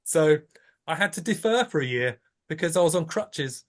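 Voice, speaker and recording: A man in his thirties tells a story as a podcast guest, acting out what he and others said. His voice sits a little high, with lively swings. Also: normal speed. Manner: animated storyteller, acts out his own lines. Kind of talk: anecdote in casual chat.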